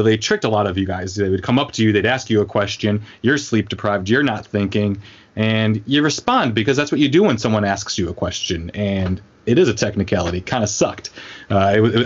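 A man's voice: fairly low pitch, dull audio. A man hosting a podcast, chatting in a laid-back way with plenty of fillers. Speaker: podcast host. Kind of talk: casual chat.

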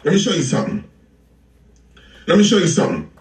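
High-voiced man preaching in an echoey room. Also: very animated, fast, recorded from a distance. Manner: preachy, repeats phrases, laughs between lines. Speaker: livestream host. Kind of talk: impassioned casual talk.

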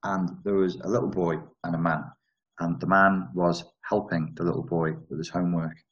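A man with a deep, low-pitched voice talks off the cuff on a live stream, working through viewer comments. He rambles, breaks off his own sentences and drops in wry asides as he goes. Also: flat delivery, moderate pace, dull audio.

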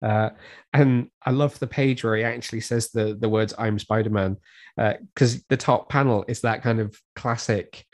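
A man with a slightly low voice, a guest on a casual comics podcast. He sounds relaxed and keen, and he walks through comic panels in fine detail. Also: moderate pace. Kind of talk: casual comics review chat.

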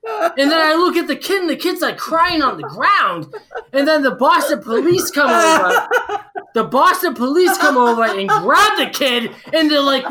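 A tipsy man in his forties, a guest on a podcast, tells a casual story at normal speed, swearing freely and leaning heavily on fillers. His delivery is animated, with a bright, edged tone and pitch that leaps all over the place.

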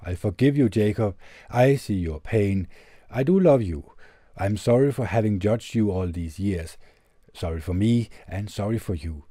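Speaking into a tube condenser studio mic, a man hosting a podcast reads out a heartfelt letter and follows it with earnest, gentle, measured reflection. His pitch is fairly low, and there's no echo.

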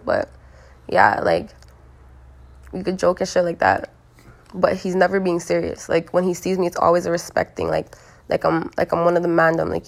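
A young woman rambling through a casual monologue. She is blunt and profane, leans on lots of likes and you-knows, and her voice is hoarse from smoking. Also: lowish voice. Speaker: solo monologue recorder.

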